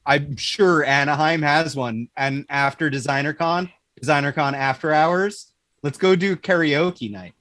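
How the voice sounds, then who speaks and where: A man appearing as a guest, teasing the others in relaxed casual chat. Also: on the high side, unhurried, no echo, studio quality. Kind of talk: casual live-stream chat.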